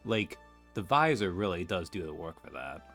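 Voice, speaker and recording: A man's voice: sits low, sing-song, moderate pace, a bit bright, soft background music. A man giving casual, wry commentary while playing through a game. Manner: chatty, wry asides. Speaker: let's-play streamer.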